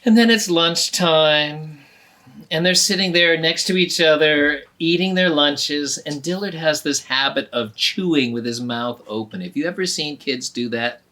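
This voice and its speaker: A woman telling a story live to children, animated and asking them questions along the way. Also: sits low, unhurried.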